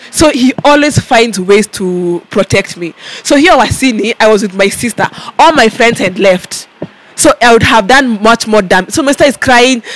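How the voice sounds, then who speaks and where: Animated Kenyan woman telling her story. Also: on the high side. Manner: animated, with many stammered repeats, mixing in Swahili. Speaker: interview guest. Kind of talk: storytelling in a sit-down interview.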